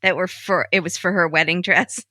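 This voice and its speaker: A woman guest chats casually on a podcast, adding quick asides and agreeing along. Her tone is very bright and sharp, and the sound is dry and close. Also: fairly low pitch, fairly even intonation, dry recording. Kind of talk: casual chat.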